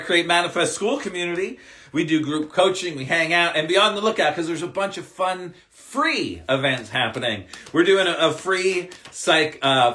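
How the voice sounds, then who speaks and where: Male spiritual coach on a live stream, emphatic and upbeat, bright forceful voice. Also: fairly high pitch. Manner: upbeat, emphatic, swears casually. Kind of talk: live-stream card reading and pep talk.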